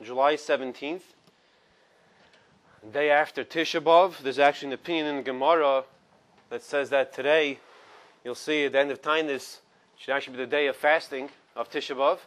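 A man teaches a morning Torah class, pitched a little high for a man. He reads each Hebrew phrase slowly and then translates it. Between readings he drops into loose, chatty asides to a small group. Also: fairly even intonation, fairly bright tone. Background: small study group in the room.

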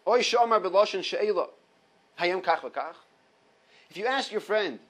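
In an informal halacha class, a man with a high, expressive and slightly bright voice teaches at a measured pace, pausing often. This Torah teacher reads Hebrew sources, explains them step by step in English mixed with Hebrew quotes, and repeats key points, on a low-quality recording.

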